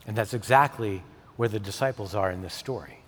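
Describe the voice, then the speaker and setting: A male pastor delivering a sermon, swinging from emphatic peaks to soft, intimate tones. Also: lowish voice, brisk, husky. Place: church sanctuary. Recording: long hall reverb.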